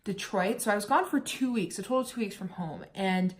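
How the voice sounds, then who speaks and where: In a candid, chatty vlog, a young American woman shares her own story, sometimes fighting back tears. She speaks fairly quickly at a medium pitch.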